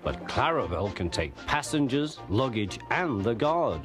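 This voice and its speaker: A man narrating a children's storybook in a lively, expressive way. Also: mid-range voice, a little slow. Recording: loud music underneath.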